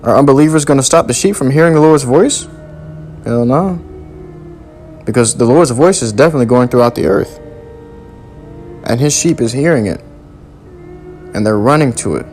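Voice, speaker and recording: A man preaching a sermon, reading scripture aloud and driving points home in forceful, repetitive, slangy talk. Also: medium pitch, lively intonation, moderate pace, long pauses, soft background music.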